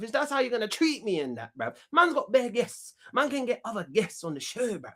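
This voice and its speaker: A man's voice: high voice, sing-song, normal speed, sharp tone. A man hosting a comedy talk show, rambling cockily and repeating himself. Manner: cocky, rambling, slang-heavy, repeats himself. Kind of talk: comic talk show monologue.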